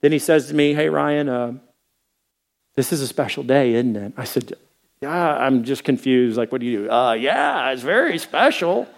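A man preaching as a pastor, telling a story in a sermon and acting out the dialogue with lively voices. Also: mid-range voice, normal speed, creaky.

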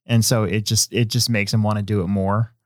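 A man hosting a casual podcast, talking in a rambling, relaxed way with many fillers and restarts. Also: on the low side, brisk, dry recording, clean studio sound. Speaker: host; hobby shop owner.

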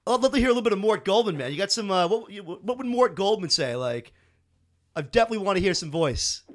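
A man with a raised, high voice hosts a casual conversation. He sounds keen and loose, sprinkling "like" through his sentences. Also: animated, quick pace, a bit bright. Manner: enthusiastic, loose, uses lots of "like". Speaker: podcast host. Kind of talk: casual chat.

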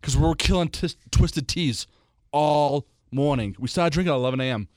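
A young man, co-hosting a casual podcast and telling stories in an animated way, jumping up into high voices for quotes. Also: moderate pace, dry recording, studio quality. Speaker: podcast co-host. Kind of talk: casual chat.

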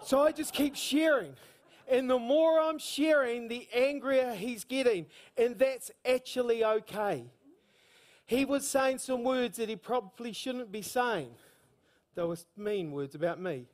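A man with a New Zealand accent preaching a sermon, telling stories with energy and bursts of shouted emphasis. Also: very high voice, a little slow.

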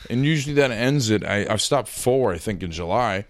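A young man chatting casually, telling profane stories and acting out quotes loudly. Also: on the low side, animated, a little fast, few pauses, dry recording, studio quality. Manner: profane storytelling with loud acted quotes. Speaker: podcast guest, rickshaw driver. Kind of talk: casual chat.

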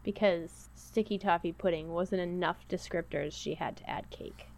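A woman's voice: on the low side, normal speed, gravelly, a little mellow. A woman co-hosting a podcast, chatting casually in a rambling, playful way. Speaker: podcast co-host. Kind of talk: casual chat.

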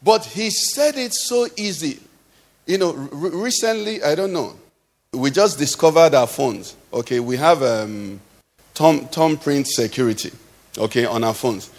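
Man, middle-aged pastor, sermon, call-and-response, high-pitched, long hall reverb. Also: animated, a little slow. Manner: call-and-response preaching, illustrative asides. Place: church hall.

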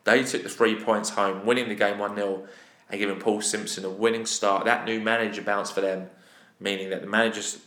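A man's voice: lowish voice, little pitch movement, fairly quick, a bit bright. A man co-hosting a fan podcast, talking through a football match in casual chat with exasperated, opinionated asides. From England. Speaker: podcast co-host. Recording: roomy echo.

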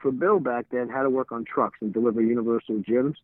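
A middle-aged interview guest talks fast in a medium-pitched voice with fairly even intonation, telling casual stories. He rambles, stumbles over repeated words, and acts out past conversations, recorded with tinny, phone-like sound and no room sound.

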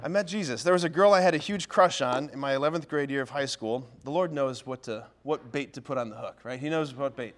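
In a church or parish hall, a man in his thirties from Ohio, a priest, entertains parents with a funny talk built on self-deprecating stories, constantly checking in with "right?". He speaks in a mid-range voice, a little fast, with few pauses.

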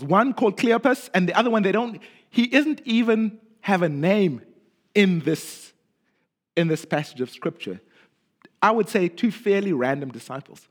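A man preaching a sermon in an expressive way, often dropping low and quiet at the ends of phrases and repeating words for emphasis. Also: moderate pace.

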